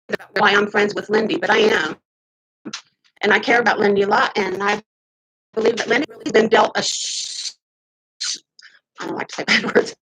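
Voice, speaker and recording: Heated, husky woman in her fifties. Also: medium pitch, rough recording. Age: 50s. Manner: heated, venting, swings between loud outbursts and muttering. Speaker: vlogger. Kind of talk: casual ranting to camera.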